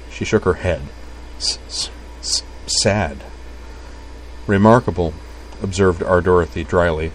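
A man reading a novel aloud in an even, wry storytelling way. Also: on the low side. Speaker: narrator.

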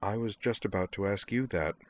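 A man with a deep voice reads as a composed young woman duelist, speaking calmly and evenly with dry wit. The voice stays close to his own low, quiet register. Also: full character voice. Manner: calm, measured, dry.

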